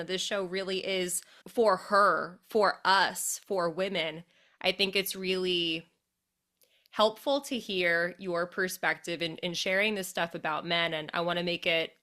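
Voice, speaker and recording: A woman's voice: medium pitch, sharp tone. A woman hosting a podcast, talking in an emphatic, enthusiastic way and swearing freely. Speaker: podcast host. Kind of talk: casual podcast conversation.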